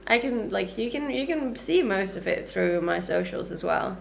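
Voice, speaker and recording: Woman, 30s, mixed Danish/Canadian/Australian accent, mid-pitched, slightly gravelly, chatty livestream host. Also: lively intonation, takes it slowly, pauses often, a little hiss or hum. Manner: upbeat, chatty, frequent light laughs. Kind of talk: casual livestream chat answering viewer comments. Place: home kitchen.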